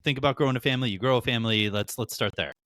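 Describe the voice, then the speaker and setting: A man's voice: mid-range voice, racing, a bit bright. A man co-hosting a podcast, talking in a blunt, casual way and swearing freely. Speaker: podcast co-host. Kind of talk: casual chat.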